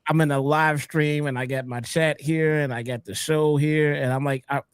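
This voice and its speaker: Brief: male podcast co-host, relaxed and hesitant, slightly high voice, dry close mic. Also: moderate pace, smooth, no room sound. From Chicago area. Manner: laid-back, hesitant, with many ums. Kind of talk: casual podcast chat.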